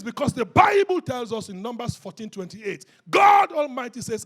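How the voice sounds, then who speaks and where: Pastor guy with a really high husky voice, fired-up sermon, yells lines for the crowd to repeat. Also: very animated, a little fast, few pauses, faint music behind. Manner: rousing call-and-response preaching, often shouting. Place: church service.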